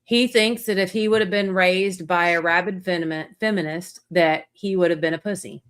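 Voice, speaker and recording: Blunt profane woman, low voice. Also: fairly even intonation, normal speed, fairly bright tone, smooth. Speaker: podcast host. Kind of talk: casual opinionated chat.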